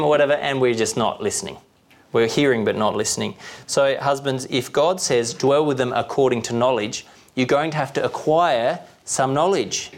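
A man preaching a sermon in a conversational way, often asking the listeners questions. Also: mid-range voice.

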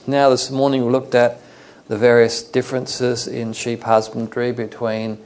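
A man from Australia preaching a Bible study in a loose, conversational way, pausing with fillers as he explains the text. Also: mid-range voice, flat delivery, darkish tone.

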